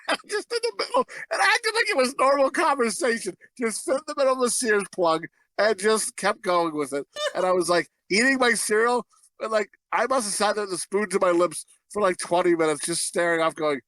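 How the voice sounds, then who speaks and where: A young man co-hosting a crude movie review podcast, telling stories in a profane, animated way and acting out quotes. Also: high-pitched, brisk, dry recording, low-quality recording. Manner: animated storyteller, profane, breaks into laughter, acts out quotes. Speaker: podcast co-host.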